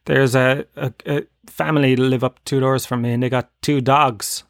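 Kerry irish man, thirties, podcast host, rambling sweary comic monologue, mid-pitched, dry close sound. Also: fairly even intonation, moderate pace, creaky, no echo. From Ireland (Tralee, Kerry). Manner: rambling, sweary, laughing at his own jokes.

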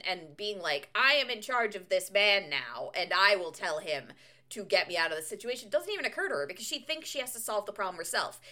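A woman chats casually on a book podcast, her voice bright and forward. She rambles comfortably through plot recaps and laughs often. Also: medium pitch. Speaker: podcast co-host. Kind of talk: casual book-club chat.

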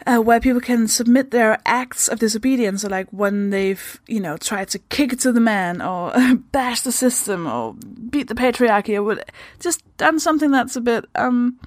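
A woman's voice: fairly high pitch, animated, moderate pace, few pauses, no room sound. A woman from Denmark hosting her podcast in a casual, chatty way, giggling and swearing freely. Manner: slips into goofy voices for jokes. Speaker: podcast host.

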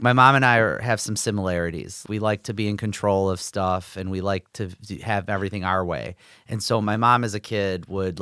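Rambling conversational man, smooth voice. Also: on the low side, fairly bright tone, no echo, studio quality. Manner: rambling, filler-heavy storytelling. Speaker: podcast co-host. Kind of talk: casual chat.

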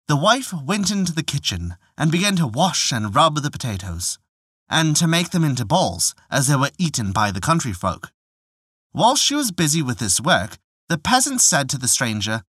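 A man narrating a folk tale in a lively, expressive storytelling manner. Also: on the high side, moderate pace, no echo, clean studio sound.

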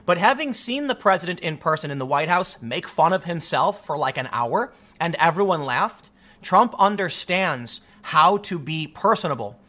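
Young male host, high bright voice, sarcastic and animated, mocks people in funny voices. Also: moderate pace. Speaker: commentary show host. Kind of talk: opinionated political commentary monologue.

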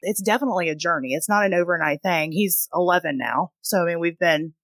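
A woman's voice: lowish voice, quick pace, a bit bright, dry recording. A woman in her thirties, a mother and podcast guest, explaining things earnestly. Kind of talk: casual panel chat.

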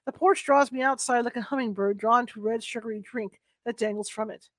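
A woman's voice: on the high side, a little fast, no echo. Woman reading a novel aloud, dry sound. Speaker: book reader. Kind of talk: first-person novel reading.

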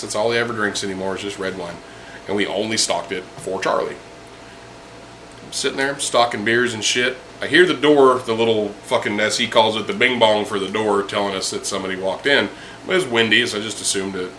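Bright, punchy man, swearing storyteller, casual drinking chat. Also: lowish voice, slight background noise, rough recording. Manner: profane, animated storytelling with laughs. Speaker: storyteller among friends. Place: indoors with friends.

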